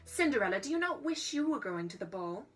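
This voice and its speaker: A sneering, haughty stepsister from a storybook, as a woman reads her lines. She speaks with loud, proud scorn. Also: a little high, big pitch swings, fairly quick, faint music behind, voice pushed up. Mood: scornful. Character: proud, ill-natured, mocking young stepsister.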